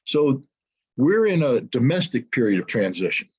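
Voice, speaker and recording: A man's voice: medium pitch, sing-song, moderate pace, a little mellow, breathy edge, muffled recording. A middle-aged American man giving an impassioned commentary monologue, emphatic and full of rhetorical questions and repetition. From United States. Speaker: geopolitical commentator.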